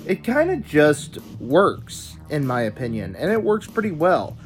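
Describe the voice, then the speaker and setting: A man's voice: on the high side, very animated, unhurried, soft background music. A man hosting a video, giving opinionated casual commentary with stammering asides. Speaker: video host reviewing dubs.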